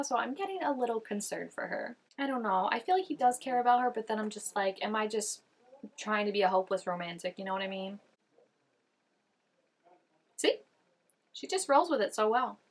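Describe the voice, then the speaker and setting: A woman's voice: medium pitch, lively intonation, brisk. Young female reaction host; loose, thinking-aloud chatter, filler-heavy. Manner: chatty, musing, heavy on "like" and "I don't know". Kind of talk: casual reaction commentary.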